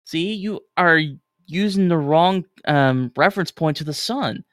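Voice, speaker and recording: A man's voice: on the high side, unhurried, a bit bright, dry recording, studio quality, pitched above the performer's own voice. A man voicing an indignant male starship navigator. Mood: exasperated.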